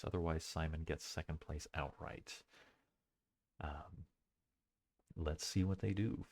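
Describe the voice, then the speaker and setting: Male replay commentator, low voice, hesitant and thoughtful, casual home-recorded delivery. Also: a little mellow. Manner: thoughtful, hesitant, many fillers and self-corrections.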